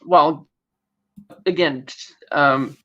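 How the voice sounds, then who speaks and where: Deep-voiced and drawing out her words, a female podcast co-host casually recaps a TV episode. She reenacts lines from the scenes over dull lo-fi audio.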